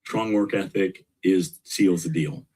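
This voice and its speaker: Man, low voice, husky, energetic, emphatic, interview guest. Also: slow pace. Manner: energetic, emphatic, repeats key points. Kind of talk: casual interview talk.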